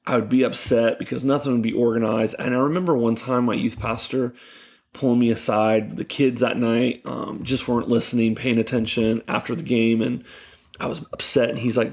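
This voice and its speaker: Gravelly-voiced man telling stories. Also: mid-range voice, fairly quick. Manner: animated, laughing storyteller with many fillers. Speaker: youth pastor, podcast guest. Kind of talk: casual storytelling chat.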